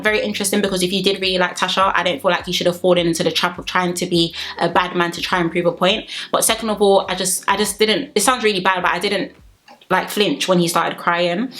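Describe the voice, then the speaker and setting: Fast-talking sassy woman vlogger. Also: on the low side, fairly bright tone. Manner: sassy, opinionated, talks straight to viewers. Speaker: reality TV reviewer. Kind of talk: casual episode review vlog.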